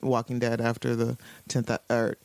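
A woman's voice: very deep voice, completely flat delivery, normal speed, a little mellow, no echo. A woman co-hosting a podcast in casual chat, joking and breaking into laughter, on a close mic. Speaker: podcast co-host.

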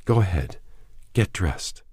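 A man's voice: sits low, expressive, slow pace, darkish tone, slightly rough, dry recording, studio quality, voice pushed up, full character voice. A man voicing an anxious, reassuring young husband. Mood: worried. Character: worried young husband and father.

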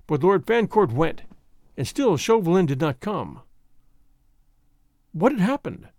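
A man reading a classic novel aloud as an audiobook narrator, with expressive storytelling. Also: high-pitched, a little slow, no room sound, studio quality.

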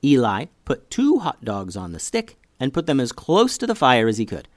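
A man reading a children's story aloud, with lively, expressive storytelling. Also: medium pitch, normal speed, no room sound, studio quality.

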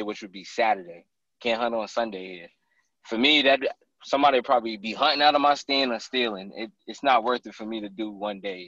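Male guest, animated storyteller in a casual chat; dry, slightly muffled recording. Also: on the low side, dry recording. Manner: animated storyteller who acts out others' lines. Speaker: podcast guest, hunter.

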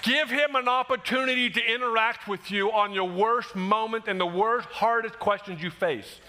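A man preaching a sermon, animated and emphatic, acting out quoted voices and rising to shouts. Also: high voice, moderate pace. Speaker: pastor.

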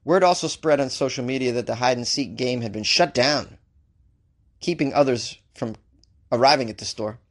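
A man hosting a comedic offbeat-news segment, reading stories and throwing in animated, jokey asides. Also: medium pitch, normal speed. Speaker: host.

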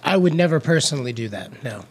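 A man's voice: mid-range voice, lively intonation, quick pace, slight background noise. A man co-hosting a comedy podcast, bantering with teasing quips. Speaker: podcast co-host.

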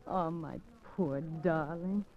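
A woman's voice: low voice, full character voice. A woman playing a determined young woman who secretly baits a suspected killer, in 1940s radio acting, breathless and stammering. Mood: tender. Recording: dull lo-fi old radio recording, faint music.

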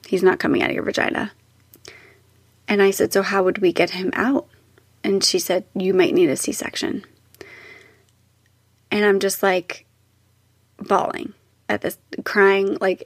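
A young woman shares her birth story in a casual, heartfelt way, growing emotional at times and bringing others' words to life with quick put-on voices. Her voice has a slightly gravelly edge. The sound is dry and close, with no room around it. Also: mid-range voice, no echo.

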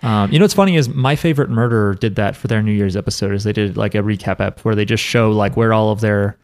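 A man's voice: lowish voice, fast, a little mellow. A man hosting a podcast, chatting loosely and rambling, with casual swearing. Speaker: podcast host. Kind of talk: casual chat.

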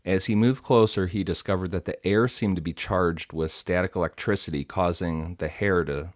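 Podcast host, male, very low voice, dry close sound, relaxed storytelling. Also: no echo. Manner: reads story details with asides and fillers. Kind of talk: casual storytelling from notes.

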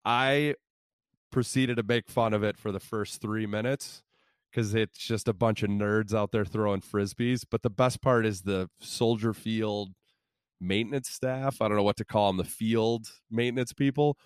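A man's voice: fairly low pitch, smooth, no echo, clean studio sound. A man co-hosting a podcast, telling rambling, profane stories in casual sports chat. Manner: rambling, profane, self-interrupting. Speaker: podcast co-host.

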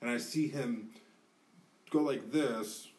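A man's voice: mid-range voice, takes it slowly. A man co-hosting a podcast, telling a rowdy story in a casual, profane way and acting out what people said. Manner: animated, profane, acts out quotes. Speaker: podcast co-host. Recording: distant mic in a studio.

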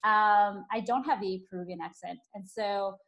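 A woman's voice: mid-range voice, fairly even intonation, moderate pace, fairly bright tone. A woman from Peru whose first language is Spanish, interviewing a guest in a reflective, conversational way with frequent ums.

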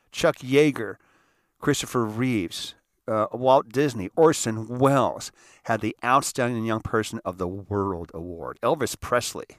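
A man's voice: on the low side, fairly bright tone, dry recording, studio quality. Emotional older man telling a story. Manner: emotional, emphatic, rambling. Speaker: host. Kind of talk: personal storytelling.

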